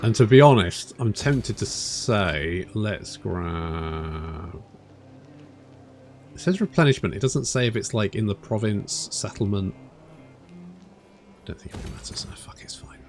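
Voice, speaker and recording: A man's voice: on the low side, lively intonation, unhurried, long pauses. A man in his thirties giving let's play commentary, chatty, swearing and muttering to himself. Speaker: gaming channel host. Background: game music.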